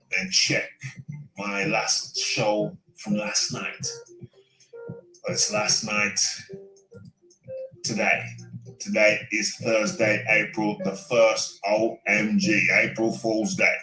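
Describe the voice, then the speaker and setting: A British man hosts a solo boxing talk live stream, rambling, repeating himself and talking to himself. His voice is lowish, pushed and bright. A roomy echo and faint music sit in the background.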